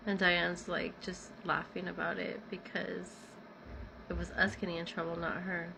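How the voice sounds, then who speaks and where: Bright-voiced woman telling a personal story. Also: lowish voice, normal speed, creaky, a little hiss or hum, low-quality recording. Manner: animated retelling with acted-out dialogue. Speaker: storyteller recounting personal experience. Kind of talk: casual storytime vlog.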